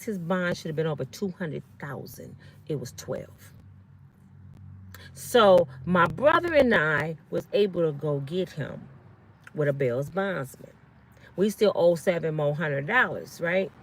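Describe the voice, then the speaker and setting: A woman's voice: lowish voice, slight background noise. A middle-aged woman telling a personal story to her live-stream viewers in an earnest, pleading way, often repeating herself. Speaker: vlog host.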